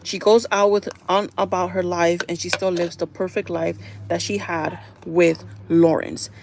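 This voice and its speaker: A woman's voice: on the low side, little pitch movement, unhurried, creaky, background noise. A woman hosting a livestream, chatting casually to her viewers and acting out bits of dialogue as she retells a story. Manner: chatty, addresses viewers as "you guys"; acts out characters' lines in quotes. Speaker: livestream host. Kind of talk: casual chat recapping a TV show.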